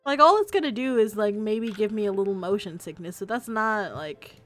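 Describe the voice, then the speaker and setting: A woman's voice: mid-range voice, expressive, normal speed, fairly bright tone. Giggly woman streamer with faint music. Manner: giggly and playful, laughs often. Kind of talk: casual stream commentary while reading a visual novel.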